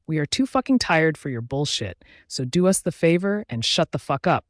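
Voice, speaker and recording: A man's voice: fairly high pitch, lively intonation, moderate pace, no room sound, studio quality, pitched above the performer's own voice, close to an everyday voice. A man voicing a brash, foul-mouthed teenage werewolf girl who talks in a mocking, defiant way. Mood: angry.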